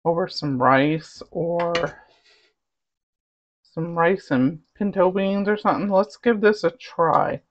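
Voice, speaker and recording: A woman's voice: on the low side, fairly even intonation, slow pace. Chatty woman with a light Southern accent. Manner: chatty, rambling, savoring food aloud. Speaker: cooking vlogger. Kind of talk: casual cooking chat.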